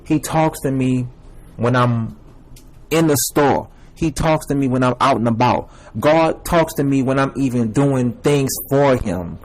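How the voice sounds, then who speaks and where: A man's voice: medium pitch, a little slow, rough recording. A young man giving a repetitive, emphatic personal testimony, addressing viewers as y'all and man. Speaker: self-made video preacher.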